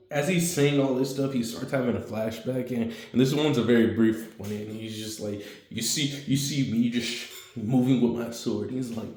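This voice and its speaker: A man casually retelling a fan story in a rambling way, full of fillers and quick voices for the characters. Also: medium pitch, darkish tone, heavy reverb.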